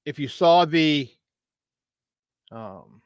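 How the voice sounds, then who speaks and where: Male morning sports talk host, hypey, slightly high voice. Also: drawn-out words, smooth, dry recording. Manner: animated, hypey, laughs often.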